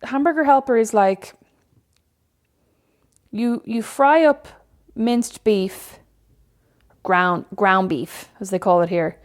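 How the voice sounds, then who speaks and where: A woman's voice: medium pitch, slow, long pauses. Rambling Irish woman podcaster. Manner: rambling, storytelling, lots of fillers. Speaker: podcast co-host. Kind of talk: casual chat.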